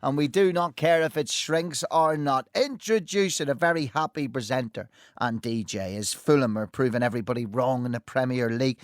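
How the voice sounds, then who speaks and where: A man hosting a sports panel show, teasing his guests with quick jokes. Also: medium pitch, dry recording, clean studio sound. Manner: jokey and teasing, quick asides. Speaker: host. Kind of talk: lively sports panel chat.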